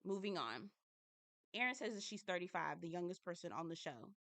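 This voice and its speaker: A woman's voice: on the low side, expressive, a little fast, a bit bright, no room sound. A woman recapping a reality show in a casual, candid and chatty way, swearing now and then.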